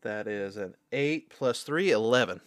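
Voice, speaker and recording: Man player, lively voice, stammers, dry sound. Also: lowish voice, dry recording. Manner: halting, stammering restarts. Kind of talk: playing a tabletop game.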